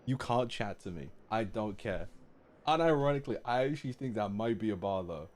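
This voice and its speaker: A young man live streaming his reactions, excitable and laughing often, repeating lines that amuse him. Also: on the low side, a little fast.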